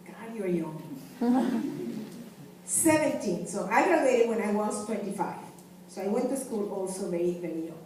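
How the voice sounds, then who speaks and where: A woman's voice: mid-range voice, lively intonation, measured pace, pauses often, a little mellow. A woman in her fifties from Venezuela, giving a passionate, emphatic lecture to students and repeating her key phrases. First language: Spanish. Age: 50s. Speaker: guest lecturer, community health director. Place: university lecture hall. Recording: very echoey hall, distant mic, faint hiss.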